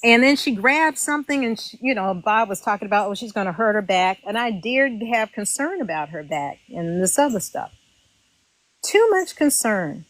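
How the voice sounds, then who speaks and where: Former reality contestant, woman, higher voice, close dry mic, animated and aggrieved. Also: moderate pace, dry recording, low-quality recording. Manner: animated and indignant, acts out quotes. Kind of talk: casual interview storytelling.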